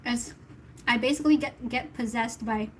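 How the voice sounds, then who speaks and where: A woman's voice: on the high side, normal speed, slight background noise, poor audio. A woman from the Philippines, a tarot reader chatting casually with her livestream viewers in a giggly, talkative way.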